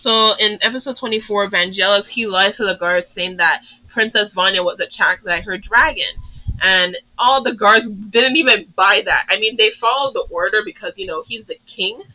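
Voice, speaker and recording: A YouTuber casually rambling through a cartoon recap, with constant "like" and "you know" and quick acted-out character lines. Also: pushed and bright. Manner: briefly acts out characters' lines in higher pitch. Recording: tinny phone-like audio.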